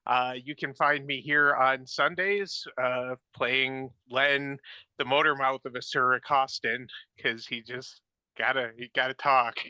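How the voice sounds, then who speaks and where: Male player, very bright voice, jokey self-mocking intro, dry close mic. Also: mid-range voice, steady tone, a little slow, clear, resonant tone, dry recording. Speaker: tabletop player. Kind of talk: casual stream introduction.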